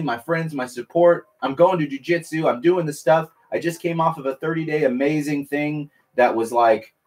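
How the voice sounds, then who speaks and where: A man, a military veteran, talking earnestly and emotionally to viewers on a casual live stream, rambling and restarting his sentences. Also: fairly high pitch. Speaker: veteran livestreamer.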